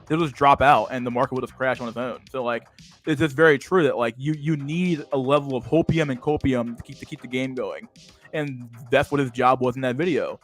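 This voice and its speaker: A man's voice: mid-range voice, a little fast, soft background music. Profane, slangy young male streamer. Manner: profane and slangy, lots of "dude" and "bro", many restarts. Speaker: livestream host. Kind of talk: casual livestream commentary.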